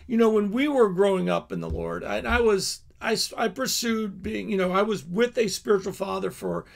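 A man's voice: sits high, sing-song, normal speed, vocal fry. A middle-aged male pastor giving a candid teaching talk, telling personal stories with frequent asides and restarts.

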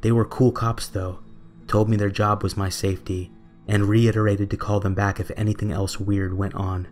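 A young adult man reading a scripted horror story in a measured, steady way. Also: on the low side, soft background music. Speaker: narrator.

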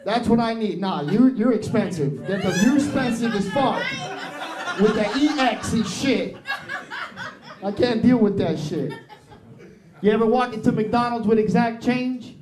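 Brash high-voiced young comic. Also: male voice, measured pace. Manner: brash, profane, switches into Spanish. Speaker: stand-up comedian. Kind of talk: stand-up comedy set. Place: small improv theatre stage. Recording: roomy live club recording with crowd.

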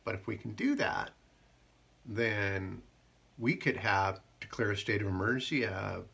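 A man hosting a live haiku show, chatting casually and joking, and reading poems slowly. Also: fairly low pitch, expressive, vocal fry, a bit bright, breathy edge. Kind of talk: casual live-stream chat.

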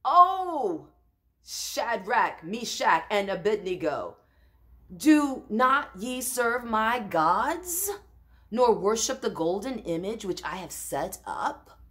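A woman voicing an angry, domineering ancient king, speaking in a slow, drawn-out, scolding way while dramatizing scripture. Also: sits low, steady tone, voice pushed down. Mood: demanding.

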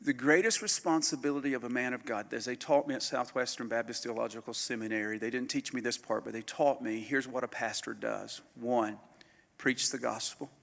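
Man, pastor, gravelly voice, sermon at a live conference, echoing hall. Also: medium pitch, fairly even intonation, a little fast. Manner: storytelling, swinging from loud bursts to hushed near-whispers. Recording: live hall recording with long reverb.

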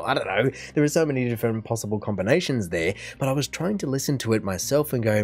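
An Australian man talks through his reactions in a chatty, opinionated way, with a voice of ordinary middle pitch. He keeps going at length in casual commentary, while faint music plays softly underneath. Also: quick pace, few pauses. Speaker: reaction video host.

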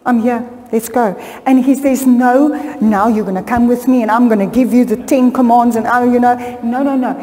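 A woman's voice: a little high, steady tone, normal speed, hardly any pauses, mellow. Middle-aged woman preacher, fervent storytelling, reverberant church hall. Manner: storytelling, rising to fervent appeals. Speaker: pastor. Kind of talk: sermon.

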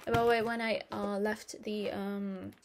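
A woman in soft-spoken ASMR role-play, chatty and affectionate, rambling as she talks, recorded close to the mic. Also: medium pitch, level tone, normal speed. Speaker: ASMR creator.

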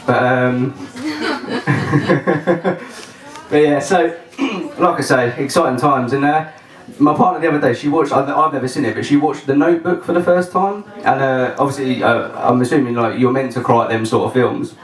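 Dry stand-up, echoey and distant. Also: male voice, mid-range voice, normal speed. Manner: dry, chatty, self-mocking. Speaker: comedian. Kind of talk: open-mic stand-up comedy. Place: small venue. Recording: roomy echo, voice from far off.

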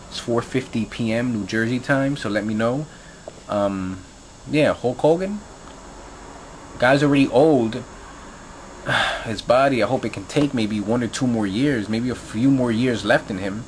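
A man's voice: fairly low pitch, a little hiss or hum. A man talking straight to his viewers in a heated, profane rant, rambling with lots of fillers and repeats. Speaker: video blogger. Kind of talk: angry profane rant to camera.

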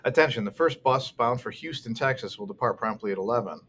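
A man's voice: mid-range voice, expressive, fast talker, a bit bright, slight background noise, close to an everyday voice. A man doing a formal shelter announcer. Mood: announcing. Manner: formal, repetitive public announcement. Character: adult shelter loudspeaker announcer, formal and flat.

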